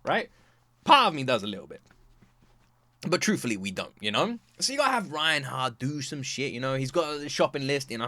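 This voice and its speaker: A man hosting a reaction video, chatting casually in an animated, joking way. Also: medium pitch, fairly quick, no echo. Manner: animated, joking, acts out scenes.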